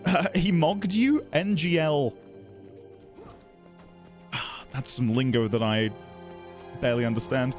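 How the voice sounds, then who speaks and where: Guy streaming a game, bit higher voice, chatty and laughing at himself, soft game music behind. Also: takes it slowly, pauses often. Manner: chatty, giggly, self-deprecating. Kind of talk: casual live-stream chat while gaming.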